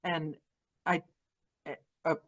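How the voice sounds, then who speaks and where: A woman hosting an interview podcast, enthusiastic and effusive, asking questions in quick runs. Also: low voice, little pitch movement, a bit bright, lo-fi sound. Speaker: podcast host. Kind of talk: casual interview chat.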